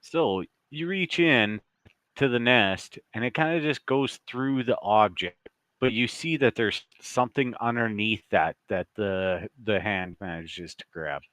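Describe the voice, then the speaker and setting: A man's voice: lowish voice, unhurried, fairly bright tone, no echo. A man running a tabletop game as game master, narrating scenes in a casual, loose way with the odd swear word.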